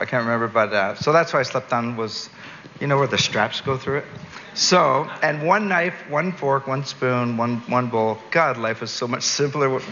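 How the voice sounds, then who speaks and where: Bright-voiced man telling an animated story. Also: medium pitch. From Canada. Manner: animated, rambling, laughs at his own jokes. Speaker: entertainer and guest. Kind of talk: storytelling in an interview. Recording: dull recording with long reverb, faint noise.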